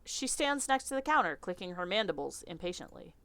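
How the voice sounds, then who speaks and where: A woman streamer reading a visual novel aloud in an animated, chatty way, often laughing. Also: lowish voice, a little fast, no echo.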